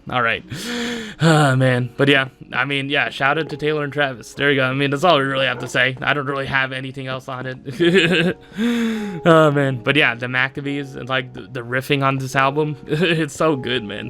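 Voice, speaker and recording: A man's voice: mid-range voice, bright, forceful tone. A young man hosting a solo podcast, rambling casually with lots of fillers and frequent laughs. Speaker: podcast host.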